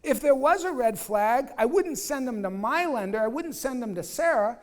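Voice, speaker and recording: A man speaks to a room of real estate agents in a lively, punchy way. He acts out dialogues and throws questions back at the audience, sometimes blunt and profane. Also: very high-pitched, normal speed. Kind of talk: live training talk to agents.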